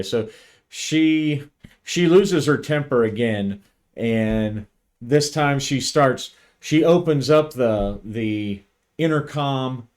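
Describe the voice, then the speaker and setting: A man talks through a solo tabletop role-playing session at a slow, deliberate pace. He thinks aloud, restarting phrases as he weighs each roll. His voice sits at an ordinary middle pitch. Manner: thoughtful, hesitant, frequent restarts. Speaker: solo game player and narrator.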